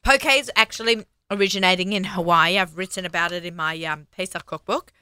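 A woman hosting a talk show in a studio, excitable and eager, exclaiming often. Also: lowish voice, brisk, clear, resonant tone, dry recording. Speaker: show host. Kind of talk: casual talk show chat. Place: radio studio.

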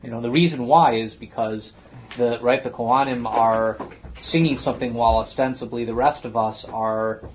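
A man's voice: medium pitch, steady tone, normal speed, slight background noise. A man hosting a casual chat, thinking aloud as he talks. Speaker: podcast host. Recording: muffled lo-fi recording.

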